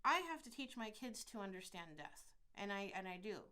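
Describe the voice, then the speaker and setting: A woman's voice: mid-range voice, expressive, fairly quick, sharp tone, smooth. A middle-aged woman from California, hosting a podcast in a blunt, profane, rambling casual monologue. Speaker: podcast host.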